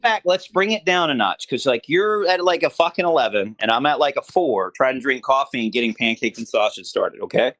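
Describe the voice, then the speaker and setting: A man arguing on a call, defensive, repeatedly cutting in to slow things down. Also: mid-range voice, animated, fairly bright tone, dry recording. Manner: defensive, keeps interrupting with 'hold on'. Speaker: guest in a dispute. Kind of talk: heated argument on a call.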